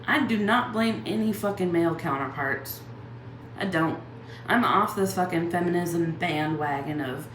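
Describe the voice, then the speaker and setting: A woman's voice: lowish voice, measured pace, roomy sound, slight background noise. Angry, swearing woman ranting. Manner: heated, emphatic, swears constantly, rhetorical questions. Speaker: channel host ranting. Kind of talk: angry profane rant to camera.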